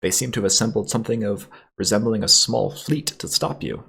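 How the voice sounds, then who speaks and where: A shrill, nasal old gentleman officer, put on by a man in a put-on posh old English accent, all jolly bluster and self-importance. He whines his lines at a pitch pushed well above the performer's low natural register, with a husky edge underneath. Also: brisk, heavily acted. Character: pompous shrill older male upper-class officer.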